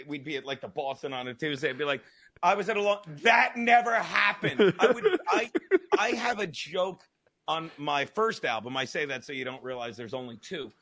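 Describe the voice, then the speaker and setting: A man ranting about a joke on a casual comedy podcast, loud and profane, talking over the others. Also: a little high.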